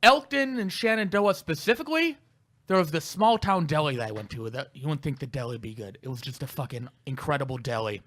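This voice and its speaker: A man's voice: a little high, animated, fairly quick, fairly bright tone. A male comedian co-hosting a podcast, telling candid, self-deprecating stories in casual chat. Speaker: comedian co-host.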